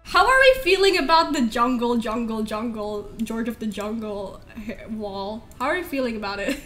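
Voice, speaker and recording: High lively woman, bright tone, giggly rambling game-stream chat. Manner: giggly, rambling, frequent laughter. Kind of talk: casual live-stream chat while playing.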